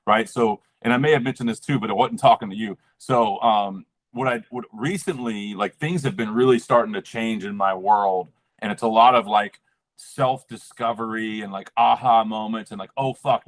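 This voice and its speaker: A man's voice: fairly low pitch, normal speed. Chill guy rambling on a podcast, likes and you-knows everywhere, swears a bit. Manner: rambling, lots of fillers, swears casually. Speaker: podcast guest. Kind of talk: casual chat.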